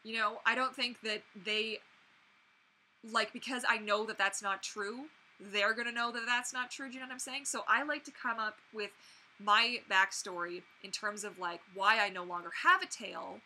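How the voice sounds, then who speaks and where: A young woman hosting a casual livestream, chatting to viewers in an animated way with many fillers and restarts. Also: fairly high pitch, normal speed, poor audio. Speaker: mermaid performer and livestream host. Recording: faint background noise.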